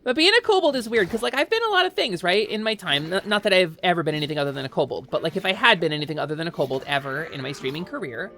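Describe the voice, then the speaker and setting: A woman VTuber streaming live, chatting casually while gaming in an excitable, giggly, rambling way. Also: lowish voice, rapid-fire, few pauses, a little hiss or hum.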